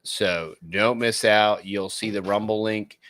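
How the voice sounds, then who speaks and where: A man's voice: fairly low pitch, steady tone, takes it slowly, a bit bright, no echo. A middle-aged Texan man with a Texan accent co-hosting a podcast in a rambling, folksy way. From Texas. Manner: rambling, folksy, lots of fillers. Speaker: podcast co-host. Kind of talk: casual podcast chat.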